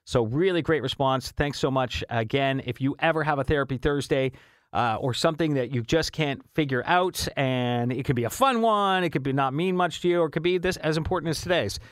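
A man's voice: on the high side, brisk, no room sound, studio quality. A man hosting a morning radio show, chatting casually and reading listener texts aloud with an upbeat, easily amused manner. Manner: chatty and upbeat, laughs easily, frequent restarts. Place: radio studio. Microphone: studio microphone.

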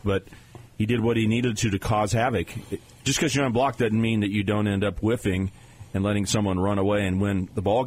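A man co-hosting a sports radio show, breaking down games in a steady, analytical way. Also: lowish voice, slight background noise, rough recording. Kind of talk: casual sports talk.

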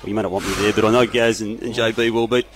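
A man's voice: on the low side, fairly even intonation, racing, a little hiss or hum. A man with an Australian accent on a radio footy panel, mock-roasting a colleague and laughing through his lines into a studio mic. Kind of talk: teasing studio banter. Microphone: studio microphone.

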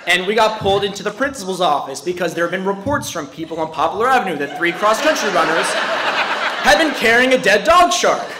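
A man's voice: high voice, lively intonation, a little fast, noisy background. A man from New Jersey telling a story live, out of breath and laughing through it. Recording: echoey room.

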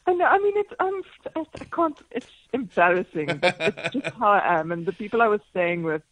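A woman in her forties, a radio guest telling stories in a lively, self-deprecating way, laughing often. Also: mid-range voice, fairly quick, poor audio. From South Africa. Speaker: marathon swimmer and speaker, radio guest. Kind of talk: casual radio interview chat. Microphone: phone line into radio studio.

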